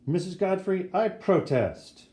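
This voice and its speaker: A man voicing a brash, excitable schoolboy who talks in indignant, dramatic bursts. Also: sits high, measured pace, pitched above the performer's own voice. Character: brash, excitable eleven-year-old boy. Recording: roomy echo.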